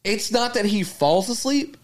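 A man's voice: sits high, measured pace. A man co-hosting a casual podcast, telling family stories and acting out the lines of the people in them. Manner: animated storyteller, acts out family members' lines. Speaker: podcast co-host. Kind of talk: casual chat.

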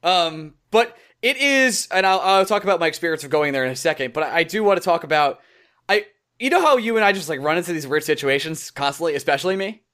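A young man co-hosting a casual podcast, telling a story with animated quoted voices. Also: on the high side, quick pace. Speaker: podcast co-host. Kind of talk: casual chat.

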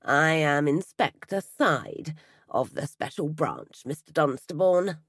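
Storybook role: a slow, nasal, strangle-throated inspector, read by a woman, low and falsely soothing. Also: expressive, husky, no room sound, studio quality, exaggerated voice. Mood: measured, probing. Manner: slow, measured, falsely reassuring. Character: nasal, strangled-voiced male police inspector. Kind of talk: storybook reading.

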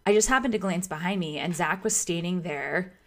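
A woman's voice: fairly low pitch, fairly quick, a bit bright. A woman telling a personal story in a casual, gushing way, with lots of "like" and restarts. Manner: chatty and gushing, full of "like" and restarts. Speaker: vlogger telling her proposal story.

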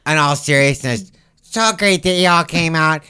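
A man's voice: on the high side, unhurried, sharp tone, clean tone, pitched above the performer's own voice. A man voicing a sassy, touchy older man who fires off blunt, self-mocking quips in a comedy podcast bit. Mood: joking. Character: sassy, touchy older man with a brassy, campy comeback manner.

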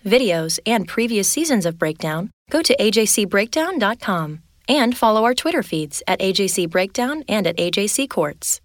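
A woman reads a podcast announcement clearly and briskly, in a mid-pitched voice. The studio sound is dry. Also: no echo.

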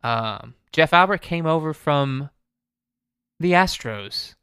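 A man's voice: fairly high pitch, lively intonation, slow, fairly bright tone, clear, resonant tone, no room sound, studio quality. A man co-hosting a casual podcast chat, rambling with stammered restarts. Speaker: podcast co-host.

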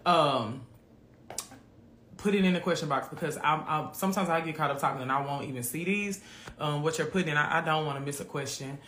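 A man's voice: a little high, a little fast, bright, forceful tone, reverberant, a little hiss or hum. A man from hosting a live faith podcast, chatting casually and often calling listeners "friend". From Memphis, USA. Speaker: podcast host.

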